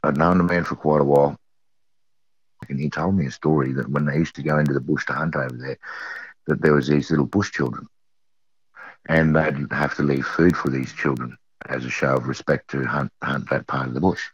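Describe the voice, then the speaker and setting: A man's voice: rumbling low, steady tone, fairly quick, husky, no room sound. A middle-aged Australian man, an eyewitness earnestly recounting a personal story and repeating phrases for emphasis. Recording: dull lo-fi audio.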